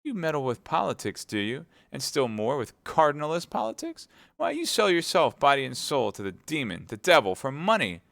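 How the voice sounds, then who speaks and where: Casting: man voicing a scornful young wife, pitched up from a low, gravelly base, dry close sound. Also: expressive, normal speed, a bit bright, no room sound. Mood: furious. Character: young woman, spirited, scornful of husband.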